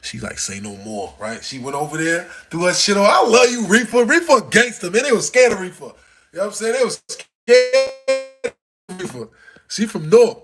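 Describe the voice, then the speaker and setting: A man from Texas telling stories casually to his livestream audience on a phone, dropping to low mutters and then rising into loud, excited bursts. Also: normal speed, faint music behind. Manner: animated, swings between mumbling low and loud excited bursts. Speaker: livestream host.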